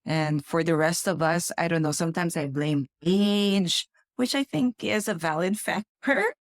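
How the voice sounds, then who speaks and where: A woman's voice: on the low side, a little slow, no room sound, studio quality. A woman from the Philippines co-hosting a casual podcast chat, talking thoughtfully with frequent restarts. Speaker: podcast co-host.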